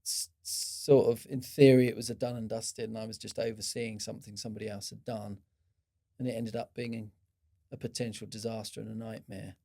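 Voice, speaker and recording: A middle-aged former procurement executive appears as a guest in a podcast interview, speaking in a low-leaning, brisk, creaky voice. He's an animated storyteller, telling anecdotes with many restarts.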